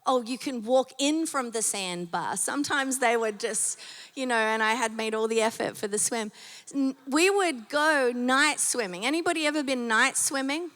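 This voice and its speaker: A woman pastor preaches conversationally in a church auditorium, using many fillers and asking the congregation questions. Her voice is fairly high and a bit bright, slightly strained, at a moderate pace, with big-room sound.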